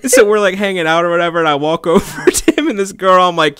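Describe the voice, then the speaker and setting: A young man co-hosting a podcast, telling a story in casual chat, lively and laughing often as he acts out what others said. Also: high-pitched, fast, clear, resonant tone. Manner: animated, acts out quoted voices, laughs often. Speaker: podcast co-host.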